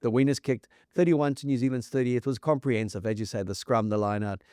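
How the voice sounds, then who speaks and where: A man's voice: medium pitch, fairly even intonation, quick pace, a little mellow, smooth, no room sound, studio quality. A South African man co-hosting a rugby podcast, talking casually and enthusiastically, piling up match stats with frequent restarts. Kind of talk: casual sports chat.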